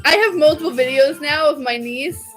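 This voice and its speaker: A woman's voice: high-pitched, normal speed, faint music behind, low-quality recording. A young woman vlogging in a casual, chatty way, gushing and laughing often. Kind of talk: casual chat.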